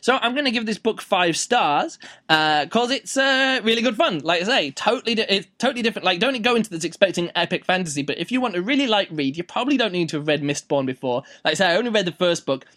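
A man's voice: high-pitched, animated, fast talker, pushed and bright. A man giving a casual, rambling book review, playful and full of fillers.

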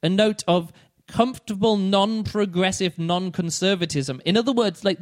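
High-voiced man rambling casually. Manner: rambling, full of fillers and restarts, slips into mocking quoted voices. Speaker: podcast co-host reviewing a book. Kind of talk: casual chat.

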